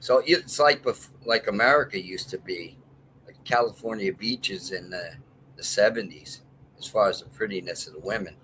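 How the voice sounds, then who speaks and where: A man's voice: fairly low pitch, moderate pace, a bit bright, slight background noise, low-quality recording. Rambling, jokey older man guest. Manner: rambling, jokey storyteller who laughs often. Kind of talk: casual livestream chat.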